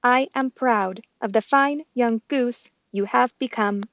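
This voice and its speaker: Woman doing a gentle robot mom, slow and formal, kinda high. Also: dry recording, muffled recording. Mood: calm tender. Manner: slow, measured, formal speech without contractions. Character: calm, gentle female robot mother.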